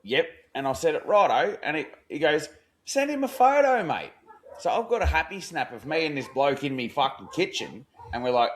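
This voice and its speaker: A man's voice: mid-range voice, expressive, fairly quick, a bit bright, a little hiss or hum. An Australian man co-hosting a podcast, telling a story in a casual, swearing, slangy style and acting out the lines of the people in it. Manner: swearing, slangy yarn-telling, acts out quotes. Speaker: podcast co-host.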